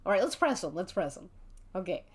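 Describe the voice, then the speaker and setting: A woman's voice: fairly low pitch, sing-song, a little fast, husky. A woman narrating a murder mystery tabletop game on a stream, giggling playfully as she runs the scene. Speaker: game master.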